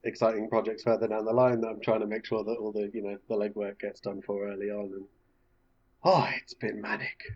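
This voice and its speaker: A man from the UK, a game designer guest on a podcast, chatting casually with dry quick quips. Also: on the low side, completely flat delivery, a little mellow, breathy edge, muffled recording. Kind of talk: casual chat.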